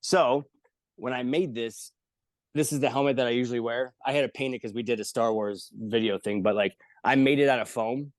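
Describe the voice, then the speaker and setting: A comedian guest with a mid-pitched voice tells stories fairly quickly in a casual interview, loose, jokey and animated. He acts out the voices of the people he quotes and swears freely. The recording is dry and close, with no room sound.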